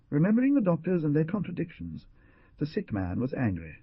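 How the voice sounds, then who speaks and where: A man reading a novel aloud as an audiobook narrator, in measured, descriptive narration. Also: a little high, wildly swooping pitch, vocal fry, slightly rough, no room sound, lo-fi sound. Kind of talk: scripted narration.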